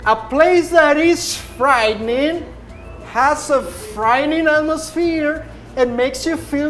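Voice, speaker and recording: A woman teaching English to a classroom, speaking very slowly and clearly in a fairly high voice. She repeats each prompt several times to drill her students. Faint music plays in the background. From Nicaragua.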